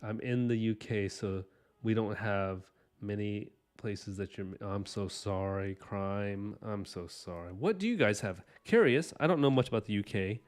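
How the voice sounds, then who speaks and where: A man's voice: lowish voice, unhurried. A man casually chatting with his live-stream viewers, rambling enthusiastically with lots of "like" and "you know". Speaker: livestream art host chatting with viewers.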